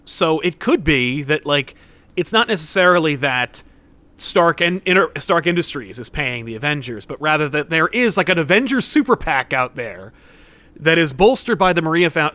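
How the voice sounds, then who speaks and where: Animated high-voiced man chatting. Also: brisk, no echo. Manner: rambling, acts out characters. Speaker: podcast co-host. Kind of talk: casual comic-book chat.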